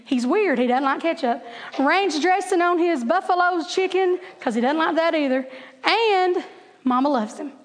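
Very high-voiced woman telling stories. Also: moderate pace, big-room sound. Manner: animated, chatty storytelling with laughing asides. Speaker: Bible class teacher. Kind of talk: storytelling Bible lesson.

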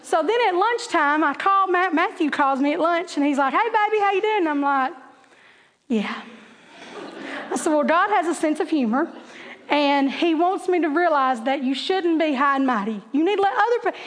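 High-voiced woman telling a funny story. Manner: animated, laughing, acts out voices in quotes. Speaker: teacher telling a story to an audience. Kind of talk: humorous personal storytelling. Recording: long hall reverb.

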